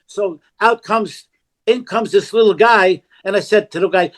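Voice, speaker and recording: An older man tells a story as a podcast guest, with a voice set high for a man. He talks bluntly and often swears. He acts out every line of dialogue in the story. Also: measured pace. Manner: animated, acts out quoted dialogue, blunt and profane. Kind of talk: casual storytelling.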